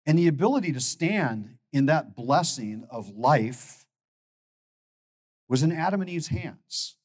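A man's voice: fairly high pitch, animated, unhurried. Emphatic man preaching a sermon. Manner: emphatic, repeats words when building a point. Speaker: pastor.

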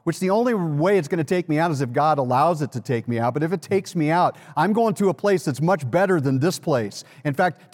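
A pastor with a voice on the high side and a darkish tone preaches a sermon in a church sanctuary, where the large hall gives a long reverb. He tells a personal story conversationally, building to emphatic peaks.

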